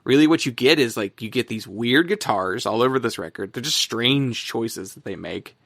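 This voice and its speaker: A man chatting casually on a podcast, rambling along with plenty of fillers and quick laughs. His voice sits at an ordinary middle pitch. The recording is dry and close, with no room sound. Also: expressive, vocal fry, a bit bright, no room sound. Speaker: podcast co-host. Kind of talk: casual music chat.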